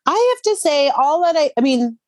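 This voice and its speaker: A woman's voice: high voice, normal speed, dry recording, studio quality. A woman co-hosting a podcast, chatting casually and bluntly about a reality show. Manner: blunt, opinionated, lively. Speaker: podcast co-host.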